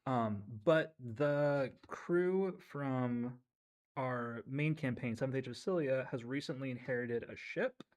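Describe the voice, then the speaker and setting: A man's voice: medium pitch, takes it slowly, a little mellow. Guy at a game store painting minis, talking to chat, mid voice, lots of likes. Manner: explaining to chat with fillers. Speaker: player and miniature painter. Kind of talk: casual livestream chat.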